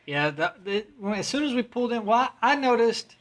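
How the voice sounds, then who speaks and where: A man's voice: extremely high pitch, animated, fairly quick, a bit bright. A man hosting a podcast from home, telling a long story in a rambling, profane, casual way. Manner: rambling, profane, restarts often. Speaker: podcast host.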